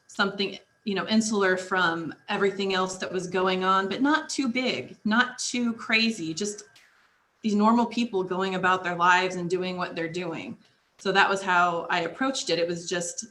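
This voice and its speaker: A middle-aged woman talking as a guest author in a relaxed interview. Her voice sits at a middle pitch with a bright, forward edge. She is chatty and laughs easily between her thoughts. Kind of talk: casual interview chat.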